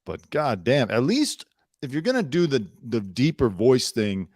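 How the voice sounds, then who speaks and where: A man hosting a comedy talk show, joking his way through celebrity news in a mocking tone and slipping into quick impressions. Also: mid-range voice, very animated, a little mellow, no echo, studio quality. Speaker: comedy podcast host.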